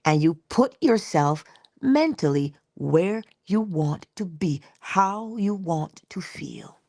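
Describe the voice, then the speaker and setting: A middle-aged woman giving an inspirational spiritual talk in a conversational, expressive way, slipping into little acted-out quotes. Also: lowish voice, slow pace, no room sound, clean studio sound. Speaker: inspirational speaker.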